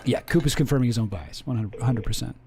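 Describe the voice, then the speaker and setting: A man's voice: mid-range voice, quick pace, creaky, dark tone, slight background noise. A man hosting a reaction video, chatting casually and cracking jokes with some swearing. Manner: laid-back, wisecracking, swears freely.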